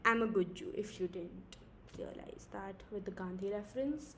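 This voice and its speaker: A young woman from India with a squeaky voice, rambling and giggling through an improvised podcast from home late at night. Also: moderate pace, a little hiss or hum. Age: young adult. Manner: giggly, rambling, self-mocking. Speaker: podcast host. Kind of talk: casual improvised podcast chat.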